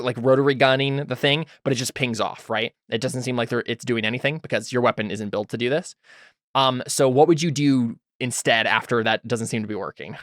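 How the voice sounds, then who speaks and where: A man's voice: medium pitch, brisk, no echo. Laid-back male game master, dry close sound. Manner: loose, filler-heavy, asks players questions. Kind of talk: narrating a tabletop game.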